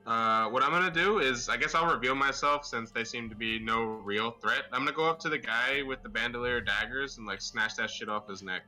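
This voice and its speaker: A man's voice: medium pitch, fairly quick, hardly any pauses, pushed and bright, faint music behind. A man speaking as a player in a tabletop game, brash and profane. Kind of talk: casual tabletop play.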